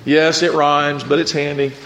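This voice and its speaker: A man's voice: a little high, little pitch movement, measured pace. Man preaching a storytelling sermon, echoey. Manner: storytelling, engages the congregation. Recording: echoey room with faint noise.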